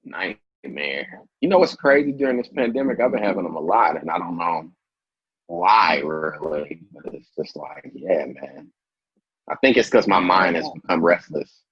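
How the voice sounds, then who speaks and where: A comedian from Indianapolis, appearing as a guest in a casual interview, tells a story and acts out the quoted lines in a much higher voice. His voice is slightly rough at a moderate pace, and the recording sounds muffled.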